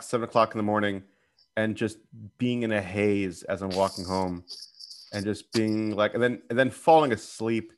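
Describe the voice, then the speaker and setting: Low-voiced man, relaxed joking chat. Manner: relaxed, joking, musing aloud. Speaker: podcast co-host. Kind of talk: casual chat.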